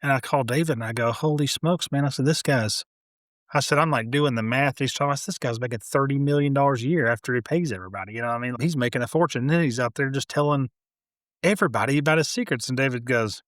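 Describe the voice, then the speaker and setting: Male guest, home builder, casual interview chat, animated storyteller, mid-pitched, dry close sound. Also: fast, no echo. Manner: animated storyteller, quoting others.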